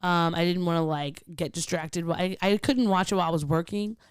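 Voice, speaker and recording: A young adult woman co-hosting a podcast in casual, candid chat, animated and swearing freely. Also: lowish voice, brisk, smooth, no echo, studio quality. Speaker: podcast co-host.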